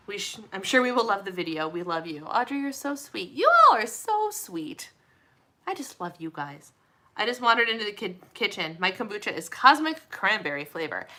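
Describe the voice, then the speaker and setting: A woman's voice: medium pitch, bright, forceful tone. A woman hosting a casual live community chat, chatting and answering viewer comments in an upbeat way. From Minneapolis area, USA. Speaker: host.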